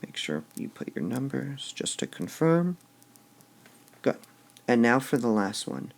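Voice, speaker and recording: A man teaching a class, slow and deliberate, stressing syllables aloud as he goes through lines of verse. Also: mid-range voice, sing-song, creaky. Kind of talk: classroom lecture on poetic meter.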